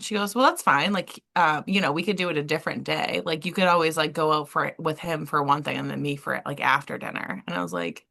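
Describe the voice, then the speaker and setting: A woman's voice: low-pitched, a little fast, sharp tone. A young woman co-hosting a podcast, a waxer in casual chat who laughs often and acts out quotes from a story.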